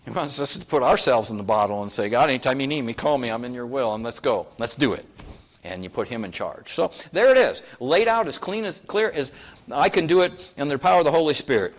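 Middle-aged guy from north dakota preaching, folksy and chatty, ordinary mid-pitched voice, gets emphatic with his questions. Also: expressive, brisk. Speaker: pastor. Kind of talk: sermon.

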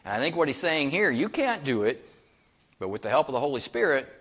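A man's voice: medium pitch, very animated, fairly quick, a bit bright. A male pastor delivers a sermon in a mid-range voice, emphatic and earnest. He presses his points with rhetorical questions. He reads scripture aloud in its old-fashioned wording.

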